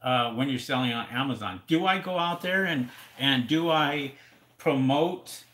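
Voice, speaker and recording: A man's voice: mid-range voice, expressive, measured pace, a bit bright, echoey room. A man hosting a casual live question-and-answer stream, rambling and repeating words as he talks straight to his viewers. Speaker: livestream host answering seller questions.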